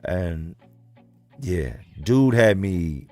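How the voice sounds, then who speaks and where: A man with a low, deep voice tells a story straight to his livestream viewers. He talks bluntly and casually, with plenty of swearing. Soft music plays faintly behind him. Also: animated, drawn-out words. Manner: blunt, profane, conversational. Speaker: livestream host reading comments.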